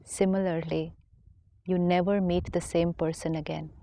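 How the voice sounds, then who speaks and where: A woman, a spiritual teacher calmly explaining ideas on a counselling talk show. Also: lowish voice, normal speed, no echo. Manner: calm, explanatory, acts out inner dialogue.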